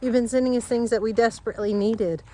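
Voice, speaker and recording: A woman's voice: on the high side, steady tone, quick pace, a little hiss or hum. Rambling woman vlogging outdoors. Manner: rambling, warm, talks to her animals and viewers. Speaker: vlogger on a family farm channel. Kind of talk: casual vlog chat. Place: outdoors on a rural driveway and yard.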